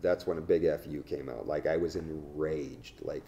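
A middle-aged man, an interview guest, telling his story candidly in a halting way, restarting his sentences often. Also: a bass voice, mellow, a little hiss or hum.

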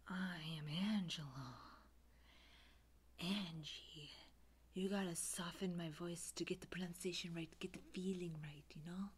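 Woman playing a bored student, soft breathy whisper, low voice, comedy sketch. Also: measured pace. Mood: affected.

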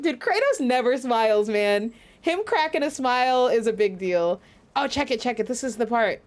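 A woman's voice: fairly high pitch, animated, moderate pace, faint music behind. A woman VTuber streamer giving live commentary as she plays a game, reacting emotionally and swearing freely.

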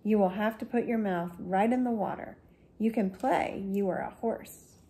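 A woman voicing a calm, protective older brother from a storybook who speaks in a steady, reassuring way. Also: medium pitch, moderate pace, close to an everyday voice.

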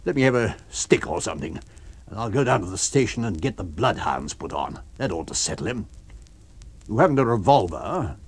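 A man doing a blunt, husky police officer. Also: on the low side, big pitch swings, fairly quick, heavily acted. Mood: resolute.

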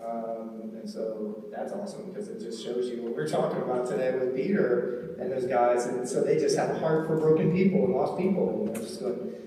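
In a mellow, mid-range voice at a moderate pace, an Ohio man who leads a recovery ministry shares his testimony from the pulpit, earnest and full of stories, with frequent ums and "right?" tags. The sound comes from a distance in an echoey hall, with faint background noise.

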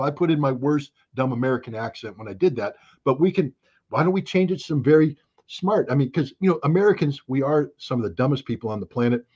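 A man's voice: fairly high pitch, a little mellow, husky, lo-fi sound. A man as an interview guest, talking in an emphatic, sarcastic way with mocking asides. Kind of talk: animated conversational commentary.

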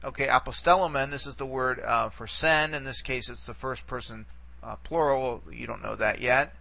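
A man's voice: mid-range voice, normal speed, gravelly, sharp tone. A man teaching a recorded lesson, explaining patiently step by step and checking in often. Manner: patient, explains step by step with frequent "okay" and "all right".

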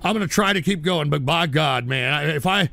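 A man with a high, gravelly voice hosts a live radio stream in a full-blown rant. He curses, stammers and flips between muttered grumbling and furious shouting at trolls. His voice is bright and edgy, heard dry and close on the mic. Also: animated, a little fast, dry recording. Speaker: talk radio host.

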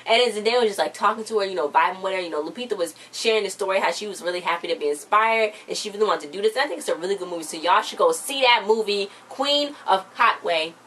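A woman's voice: mid-range voice, quick pace, few pauses, fairly bright tone, slight background noise, poor audio. A young woman in her late teens, chatting casually as she recaps a TV episode, full of slang and fillers. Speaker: TV recap vlogger. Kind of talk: casual chat.

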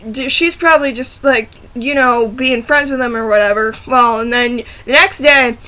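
Giggly woman rambling into her laptop mic, high bright voice, keeps tripping over her words. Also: moderate pace. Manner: giggly, rambling, often restarting and apologizing. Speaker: vlogger. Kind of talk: casual chat to camera. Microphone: laptop camera microphone.

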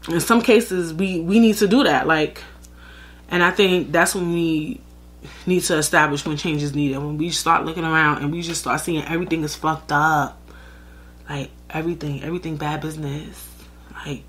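A woman's voice: low-pitched, a bit bright. A woman, hosting a podcast in a casual, blunt advice monologue, profane and full of rhetorical asides. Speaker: podcast host.

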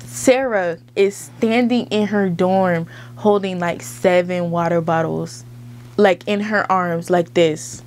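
A young woman vlogger telling a story in a casual, animated way, with a lot of slang and swearing. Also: lowish voice.

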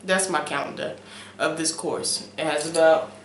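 A young woman in a casual talk-to-camera vlog, animated and preachy, who keeps checking in with "okay?" and swings between loud emphasis and soft asides. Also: deep voice, normal speed, roomy sound, slight background noise. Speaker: vlogger. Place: room at home, late at night.

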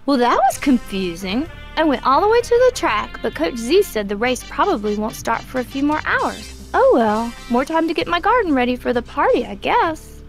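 A woman voicing a sweet, gentle young woman in a game, talking in a chirpy, fretful way. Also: sits high, big pitch swings, moderate pace, few pauses, faint music behind. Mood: chatty.

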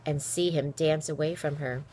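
A woman reading a children's novel aloud with expressive storytelling. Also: deep voice, normal speed, slight background noise. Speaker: reader.

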